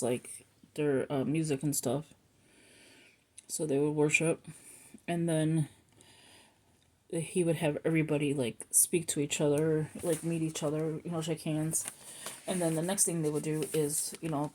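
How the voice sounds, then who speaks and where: A middle-aged woman's low voice comes across mellow and husky. She's a planner vlogger having a rambling, chatty conversation at home, frequently losing track of what she was saying and circling back to it.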